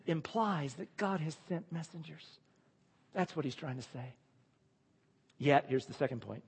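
Husky-voiced man preaching in a reverberant hall. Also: fairly high pitch, lively intonation, normal speed. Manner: emphatic, swings between loud declarations and hushed asides. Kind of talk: sermon with scripture reading.

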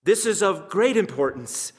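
A pastor preaching a sermon to his congregation, measured and emphatic, with pauses and asides to the listeners. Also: sits high, expressive, in a large hall, soft background music.

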